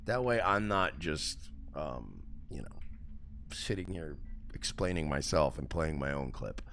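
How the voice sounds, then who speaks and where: Creaky, animated male stream host. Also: rumbling low, unhurried, a little hiss or hum. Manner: profane, animated storytelling. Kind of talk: casual livestream rant.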